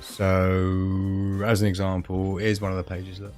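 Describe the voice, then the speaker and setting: A man's voice: low voice, completely flat delivery, unhurried, a little mellow, faint music behind. A man hosting a casual live stream, rambling and giggly with lots of fillers.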